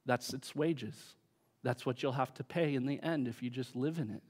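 A man in the middle of a sermon, preaching with emphatic force. His voice sits at an ordinary middle pitch, and his force swells and drops back as he preaches. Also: normal speed, a little mellow. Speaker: pastor.

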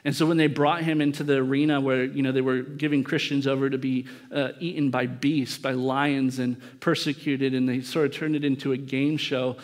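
A man's voice: mid-range voice, flat delivery, normal speed, few pauses. A male pastor preaching a sermon in a conversational way, acting out the quoted speakers as short bits of dialogue.

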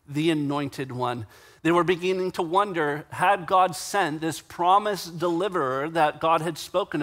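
Man, pastor, sermon, slightly high pitch, conversational, emphatic slowdowns. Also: fairly bright tone. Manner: conversational preaching, slows for emphasis, acts out quotes.

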